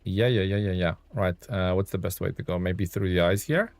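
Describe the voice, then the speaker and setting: A man's voice: sits low, normal speed, a little mellow, no echo. A man live-streaming a truck game, chatting to viewers, thanking them and thinking aloud with ums and chuckles. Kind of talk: live gameplay stream commentary.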